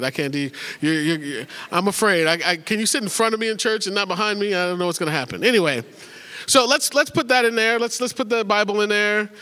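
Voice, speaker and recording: High bright-voiced guy doing church announcements, jokey and chatty, restarts a lot, big echoey sanctuary. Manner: chatty and joking, with many repeats and restarts. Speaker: pastor. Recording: long hall reverb.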